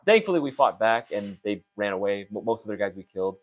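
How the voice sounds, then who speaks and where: A young man in casual chat, telling animated stories with lots of fillers and restarts. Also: fairly low pitch, highs cut off, faint music behind. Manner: fast, animated storytelling with many fillers. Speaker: co-host of a store talk show.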